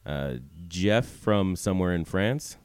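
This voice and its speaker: A man with a low voice hosts a casual podcast, rambling and correcting himself as he talks. The sound is close and dry, with no room around it. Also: expressive, slow, a little mellow, clean tone, no room sound. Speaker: podcast host.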